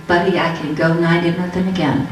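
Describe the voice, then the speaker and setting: A woman's voice: lowish voice, flat delivery, fast, recorded from a distance, slight background noise. A woman giving a religious testimony talk, telling her story and acting out the dialogue. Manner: storytelling, acts out quoted dialogue. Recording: echoey hall, heard from afar.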